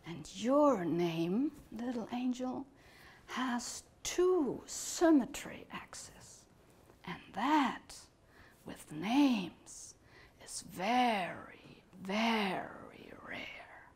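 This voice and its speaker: A woman voicing a very old, wise female turtle in a storybook tale, speaking softly and slowly in a hushed voice. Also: fairly high pitch, expressive, slightly rough, heavily acted. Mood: gentle, wise. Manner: soft, hushed and slow.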